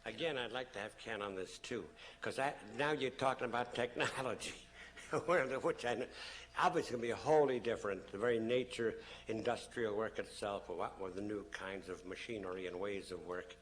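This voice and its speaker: A man's voice: on the low side, fairly quick, slight background noise. A man giving a public lecture to an audience, telling stories animatedly and acting out the people he quotes. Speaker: public speaker.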